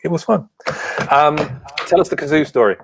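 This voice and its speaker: Over music, a man with a fairly high, creaky voice speaks at a moderate pace. As a podcast co-host in a casual chat, he tells stories with flair and acts out plenty of quotes.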